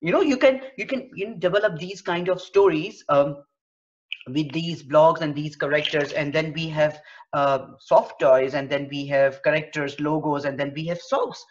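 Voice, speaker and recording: A woman's voice: low-pitched, moderate pace. A woman teaching storytelling to early-years educators, explaining with many fillers. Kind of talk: storytelling lesson. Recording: dull lo-fi recording.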